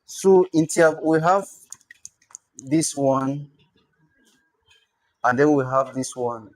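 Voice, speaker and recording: A man teaching a language class, explaining patiently and repeating words slowly. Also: fairly high pitch, no room sound. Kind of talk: classroom lesson.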